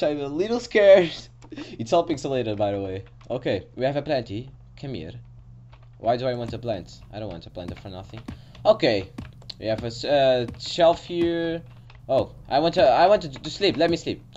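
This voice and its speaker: A man's voice: medium pitch, dark tone, muffled recording. Jumpy young man playing a horror game. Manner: jumpy and nervous, swears when startled, talks to himself. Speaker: gaming channel host. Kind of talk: horror game let's play commentary.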